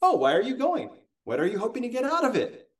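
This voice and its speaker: A man voicing a calm, veteran saleswoman who asks friendly questions one after another. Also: very high voice, fast, recorded from a distance, voice pushed up, heavily acted. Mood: curious. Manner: friendly, asking many questions. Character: calm, curious senior saleswoman, veteran partner.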